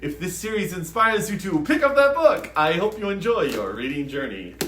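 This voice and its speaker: A man hosting a book channel, reading passages from a novel aloud in an expressive, dramatic way and acting out the dialogue. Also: high voice, normal speed, roomy sound, a little hiss or hum. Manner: animated, acts out dialogue with shouts. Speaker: booktube host reading from novels.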